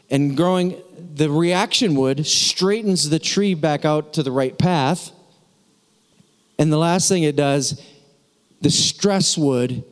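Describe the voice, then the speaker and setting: A man preaching a sermon in a casual, teasing way, repeating key words for emphasis. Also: a little high. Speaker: pastor. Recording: long hall reverb.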